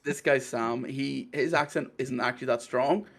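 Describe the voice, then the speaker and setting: A man with a Belfast accent in casual chat, talking quickly in rambling runs and laughing often. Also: mid-range voice, creaky. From Northern Ireland.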